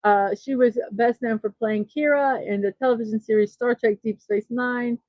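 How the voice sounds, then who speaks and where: A woman's voice: a little high, fairly even intonation, moderate pace, dry recording, dull audio. A woman hosting a daily morning show, chatting casually and reading off birthday lists with self-deprecating asides. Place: East Coast of the United States.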